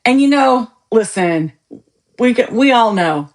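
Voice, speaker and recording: A woman's voice: on the high side, unhurried. A woman podcast host chatting casually with viewers on a live stream, joking and laughing often. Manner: animated, laughs often, jokey asides.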